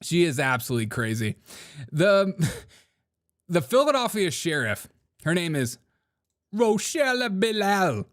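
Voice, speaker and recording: A man's voice: fairly high pitch, very animated, moderate pace, pauses often, a bit bright. A young man hosting a casual political commentary show, joking and laughing often, mocking people in put-on quotes. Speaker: show host.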